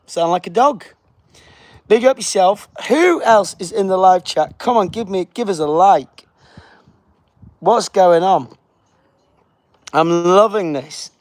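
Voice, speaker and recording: A man's voice: sits high, slow pace, long pauses, dry recording. A man hosting a casual livestream, chatting and reading viewer comments aloud. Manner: chatty, reads viewer comments aloud, says big up yourself; puts on a flight announcement voice. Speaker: livestream host.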